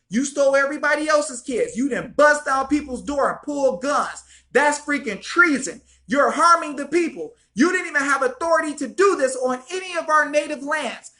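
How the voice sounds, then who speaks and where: Fiery high-voiced woman ranting. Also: a bit bright. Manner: fiery, repetitive, swears mildly, addresses viewers as y'all. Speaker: activist vlogger. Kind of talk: impassioned direct-to-camera rant.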